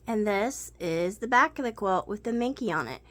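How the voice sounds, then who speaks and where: Here a woman chats casually about her weekly sewing and quilting work, presenting each piece in turn as a vlogger would. Her pitch is medium, her delivery animated, her pace moderate.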